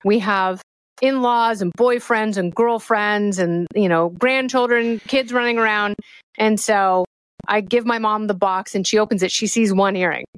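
A middle-aged woman chatting as a podcast guest, telling an animated story with playful quick delivery. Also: medium pitch, clear, resonant tone, dry recording. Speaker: podcast guest, fellow host. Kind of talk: casual chat, storytelling.

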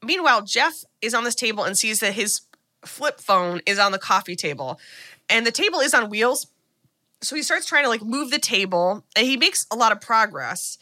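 A woman's voice: a little high, lively intonation, normal speed, bright, forceful tone. A woman co-hosting a podcast, retelling a film plot in a chatty, casual way full of "like"s and restarts. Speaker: podcast co-host.

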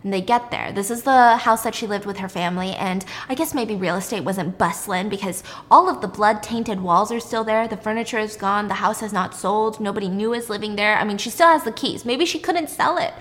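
Bright-voiced woman retelling a story. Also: mid-range voice, fairly quick, hardly any pauses. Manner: animated, acts out characters' lines. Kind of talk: casual retelling of a drama plot. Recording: echoey room reverb.

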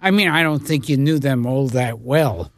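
A man co-hosting an interview show, asking questions in a jokey, animated way. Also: medium pitch, normal speed, no room sound, studio quality. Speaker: podcast co-host. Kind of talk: casual interview chat.

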